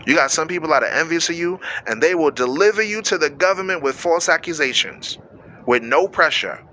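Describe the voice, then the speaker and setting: A man's voice: a little high, lively intonation, brisk, sharp tone, slight background noise. A man preaching on a radio show, reading scripture and explaining it in a casual, slangy way, acting out quoted voices and speaking straight to his listeners.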